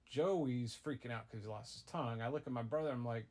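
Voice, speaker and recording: A middle-aged man, a father improvising a goofy tall tale for his child, rambling with deadpan asides. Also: medium pitch, moderate pace. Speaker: father telling a bedtime-style story.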